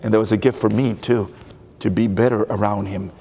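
A man's voice: fairly low pitch, fairly even intonation, brisk, creaky, warm tone, slight background noise. A man in a documentary interview, telling candid, self-mocking stories about the priest who heard his confessions. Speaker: parishioner recalling a priest.

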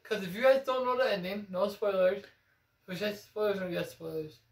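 High-pitched with some vocal fry, this young male co-host talks video games at a moderate clip. His casual chat is rambling and confident, full of claims to insider knowledge, recorded in a room with noticeable echo.

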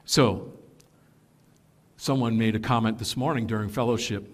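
With a fairly low voice at a normal pace, this pastor delivers a sermon to his congregation. He teaches with earnest emphasis, pausing for self-corrections and offhand asides.

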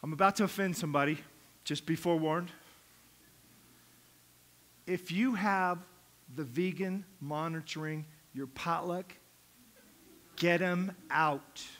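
Middle-aged guy preaching, chatty and funny, pretty high voice. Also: takes it slowly, pauses often, fairly bright tone. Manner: conversational, humorous preaching with acted-out quotes. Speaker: pastor. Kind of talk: sermon.

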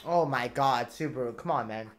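A woman giving casual reaction commentary on an anime, excitable, swearing and repeating words in bursts. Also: extremely low pitch, moderate pace.

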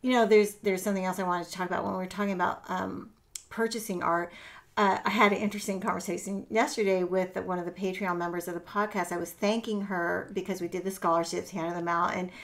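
A woman hosting a podcast, chatting in a lively, animated way and often laughing. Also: fairly low pitch, quick pace. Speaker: podcast host and artist. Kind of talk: casual interview conversation.

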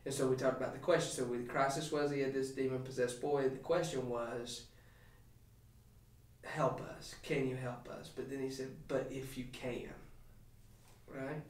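A man, a pastor, talking through a scripture passage on a podcast in an emphatic, animated preaching way with frequent restarts. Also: medium pitch, normal speed, reverberant, far from the mic. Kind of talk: podcast sermon talk.

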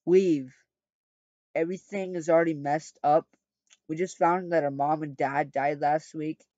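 A man reading out an angry young man protecting his brother, loud and flat, on a dry, slightly dull recording. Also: fairly high pitch, a little slow, dry recording, close to an everyday voice. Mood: yelling.

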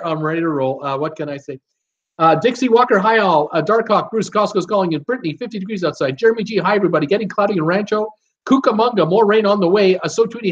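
A middle-aged Canadian man with a high, slightly bright voice hosts a casual live stream, chatting and joking as he reads out viewer comments. The stream audio is dull and lo-fi.

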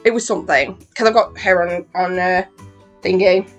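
A woman chatting excitedly in a rambling makeup vlog, swearing freely and acting out her own reactions. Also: lowish voice, normal speed, soft background music. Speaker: beauty vlogger. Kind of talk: rambling get-ready-with-me chat.

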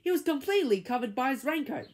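A woman reading a children's book aloud, chapter by chapter, with expressive, dramatic storytelling. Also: high voice, fast talker. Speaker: reader.

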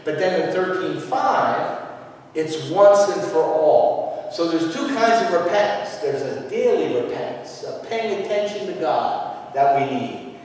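A man preaching a sermon as pastor, emphatic and dramatic, with sudden loud outbursts. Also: fairly high pitch, expressive, unhurried. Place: church sanctuary. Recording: echoey church hall from far off.

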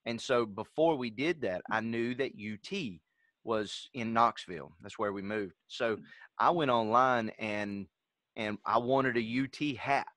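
A folksy man spinning a laid-back anecdote and chuckling through it. His voice is mid-pitched and very dry, close to the mic with no room echo. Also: measured pace, a bit bright. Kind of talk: casual chat.

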